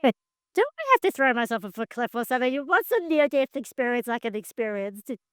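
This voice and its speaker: Playful woman host, smooth high voice. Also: animated, fairly bright tone, dry recording, studio quality. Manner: blunt, playful, quick-fire questions. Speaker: podcast host. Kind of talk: casual interview chat.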